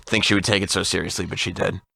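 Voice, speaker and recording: A man in his thirties telling a funny story on a radio talk show, animated and laughing often. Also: deep voice, fast, vocal fry, no room sound. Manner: animated, laughs often, mimics voices in quotes.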